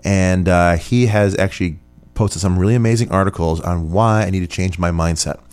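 A man's voice: deep voice, moderate pace, darkish tone, smooth. A man hosting a podcast, answering listener questions in a rambling, chatty way. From Rochester, New York. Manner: rambling, chatty, many fillers. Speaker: podcast host. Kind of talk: casual listener Q&A.

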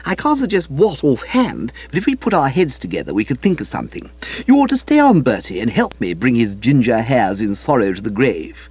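A man voicing a spirited, bossy young woman with a sharp, teasing manner. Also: mid-range voice, sing-song, brisk, breathy edge, no echo, dull audio. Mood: scheming.

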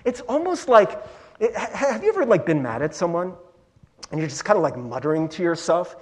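Man, pastor, conversational sermon, animated, fairly high-pitched, casual asides. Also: fairly quick. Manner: animated, chatty, frequent "like" and "right?" asides.

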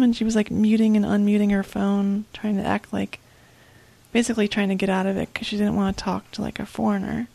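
A woman's voice: medium pitch, level tone, a little fast, creaky, warm tone, no room sound. A woman co-hosting a casual show over a voice call, telling a story in a chatty way with lots of "like". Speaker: co-host. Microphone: online voice call.

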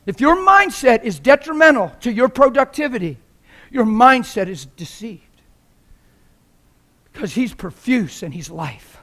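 A man preaching a sermon in an impassioned, exhorting manner that climbs into shouting. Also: very high-pitched, sing-song, unhurried, long pauses.

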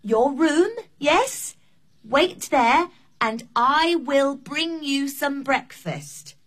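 An actress playing a flustered female hotel receptionist who speaks slowly and clearly so she is understood, in a scripted learning drama. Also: high voice, a bit bright, exaggerated voice.

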